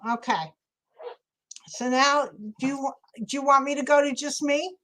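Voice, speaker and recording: Craft-stream host, woman, New York City accent, high pitch, chatty. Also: fairly even intonation, moderate pace, fairly bright tone, poor audio. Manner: chatty, thinks aloud while working. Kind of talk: casual live crafting chat.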